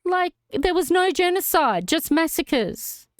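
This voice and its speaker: A middle-aged Australian woman hosting a livestream reads comments aloud, ranting indignantly and swearing. Her voice is very high and animated but slow-paced, recorded with clean studio sound and no echo.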